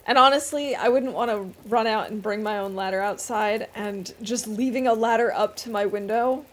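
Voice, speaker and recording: A woman's voice: medium pitch, normal speed. A woman streamer giving casual, chatty commentary while playing a game, thinking aloud as she goes.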